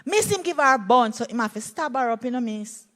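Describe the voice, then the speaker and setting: Blunt little jamaican boy, eleven, flat matter-of-fact talk, as a lady quotes him. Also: fairly high pitch, brisk, big-room sound, pitched above the performer's own voice. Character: eleven-year-old boy from a violent community, blunt.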